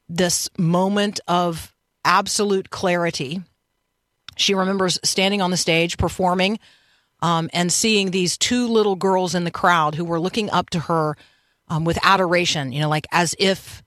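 A woman's voice: lowish voice, fairly even intonation, unhurried, a bit bright, dry recording. A woman hosting a Christian morning radio show from a studio. She talks in a chatty, reflective way, with frequent "um" and "like". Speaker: radio host.

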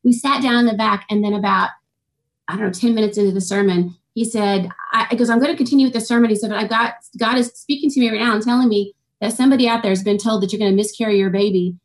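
A woman's voice: mid-range voice, fast talker. A woman in her forties, a guest author, telling a personal faith story in an interview and acting out the voices of the people in it. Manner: animated storytelling, acts out quoted voices. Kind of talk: testimony in an interview.

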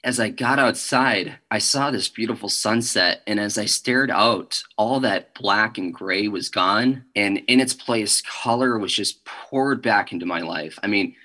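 Bright, earnest young man sharing a testimony. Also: lowish voice. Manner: earnest, halting, with nervous laughs. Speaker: interview guest. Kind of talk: personal testimony in an interview.

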